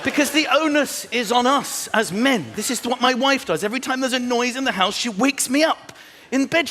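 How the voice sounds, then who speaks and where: Brief: lively high-pitched male comic, exasperated storytelling, roomy hall, heavy crowd laughter. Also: fairly quick, background noise. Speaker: stand-up comedian. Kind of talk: stand-up routine. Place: large theatre stage. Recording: live theatre with roaring crowd.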